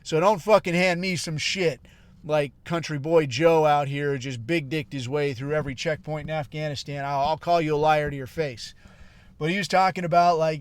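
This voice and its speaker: A man's voice: on the high side, fairly even intonation, normal speed, clear, resonant tone, dry recording. A middle-aged man hosting a podcast, ranting casually with heavy swearing and a constant "dude" and "bro.". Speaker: podcast host. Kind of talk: casual profane rant.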